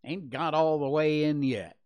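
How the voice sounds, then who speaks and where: Man putting on a blunt, folksy dog musher, higher and louder, for a storybook read. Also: measured pace, lightly acted. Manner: folksy, blunt frontier speech. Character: rough plain-spoken male dog musher.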